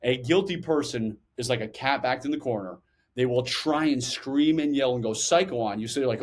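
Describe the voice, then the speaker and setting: Animated man telling stories. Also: medium pitch, moderate pace. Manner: animated, acts out quotes. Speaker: guest, former intelligence officer. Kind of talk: storytelling interview answers.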